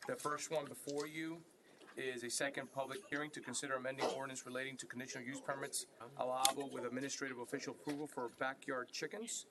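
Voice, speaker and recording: Male staffer reading through ordinances; monotone delivery. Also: mid-range voice, heavy background noise. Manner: flat, halting, with fillers. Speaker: county staff presenter. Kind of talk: formal agenda presentation.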